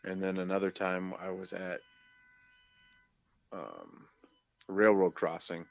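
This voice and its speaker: A deep-voiced man calmly recounting past events in a relaxed podcast talk. The sound is dull, a little lo-fi, and very dry. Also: takes it slowly, gravelly, no echo. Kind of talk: casual storytelling.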